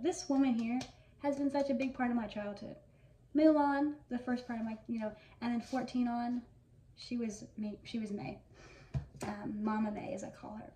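A young woman around twenty talks through her fan memories, eager and filler-heavy, in a mellow, even voice. She sits a little back from the mic in an echoey room with faint noise behind. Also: medium pitch, distant mic. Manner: gushing fan storytelling with many fillers. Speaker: vlogger. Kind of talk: casual reminiscing monologue.

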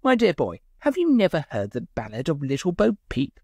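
A man voicing a mischievous young gentleman who talks in a breezy, teasing way. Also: a little high, huge pitch swings, brisk, husky, no room sound, studio quality, exaggerated voice.

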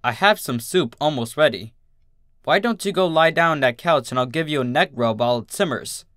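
A man doing a gentle, frightened pony father, pleading. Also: on the high side, expressive, a little fast, dry recording, studio quality. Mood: soothing. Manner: soothing, pleading.

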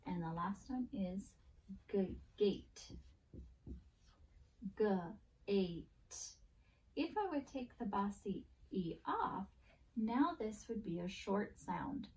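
A woman teaches phonics to young pupils, stretching out each letter sound with deliberate care. Her voice is soft and mellow, and she speaks slowly. She is recorded from a few steps away from the camera in a classroom. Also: mid-range voice, sing-song, distant mic.

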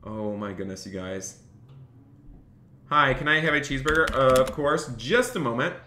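A bright, forceful male streamer chatting casually to his viewers while playing, thanking donors and growing flustered as orders pile up. The sound is roomy and echoey, with keyboard clicks. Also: mid-range voice, lively intonation, normal speed, a little hiss or hum. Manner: chatty, reads out viewer donations, gets flustered and overwhelmed. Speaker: gaming streamer. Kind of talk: live-stream commentary while role-playing a restaurant worker.

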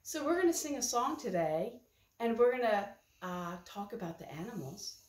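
A woman's voice: mid-range voice, expressive, moderate pace, a little mellow. An older woman leading small children through a farm-animal sing-along, asking patient, coaxing questions. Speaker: guest reading to children. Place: library. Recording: echoey room, far from the mic.

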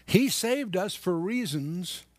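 Male preacher, high-pitched, animated and emphatic, dry close recording. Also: slow pace, no echo. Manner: animated, emphatic, reads scripture aloud. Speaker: Bible teacher. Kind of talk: sermon, Bible teaching.

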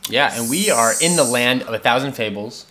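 A man's voice: mid-range voice, a little fast, sharp tone. A man co-hosting a casual let's-play, laid-back and jokey. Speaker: co-host of a gaming channel.

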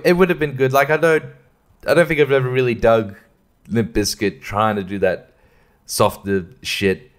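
A man hosting a casual solo podcast, rambling and swearing freely, often breaking into laughter. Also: medium pitch. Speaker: podcast host.

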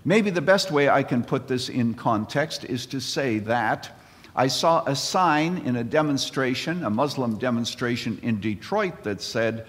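A man in his seventies giving a conference sermon, an animated storyteller with comic timing who mixes jokes into his message. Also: mid-range voice. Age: 70s. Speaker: conference speaker. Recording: reverberant hall.

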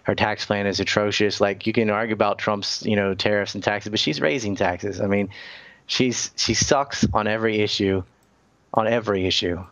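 A man's voice: lowish voice, steady tone, normal speed, a bit bright, no echo. A male debate guest on a remote call, speaking bluntly and firing off complaints one after another. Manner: blunt, fires off lists of complaints. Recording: dull, dry internet call audio.

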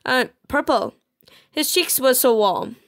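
A woman's voice: high-pitched, wildly swooping pitch, creaky, no room sound. A woman reading a romance visual novel aloud, stumbling and restarting words often. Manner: halting, with frequent fillers and restarts on words.

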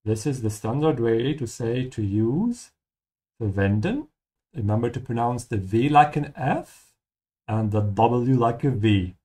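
A man teaching German through game dialogue, explaining each line in a friendly way and repeating key words slowly. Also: mid-range voice, dark tone.

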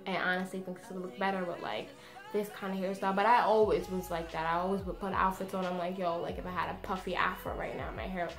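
A woman's voice: on the low side, little pitch movement, fast, roomy sound, music in the background. A woman in her twenties chatting casually to camera from her bedroom, laughing often and saying "like" a lot, a little tired after a long day. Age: 20s. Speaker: beauty vlogger.

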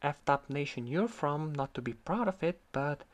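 A man's voice: fairly high pitch, expressive, normal speed. A man from Croatia, ranting in sarcastic, heated commentary about an online argument and swearing freely. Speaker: vlogger.

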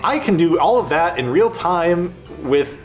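A man's voice: fairly high pitch, animated, measured pace, faint music behind. A man hosting a livestream, giving a mock-grand improvised speech with a swooping delivery.

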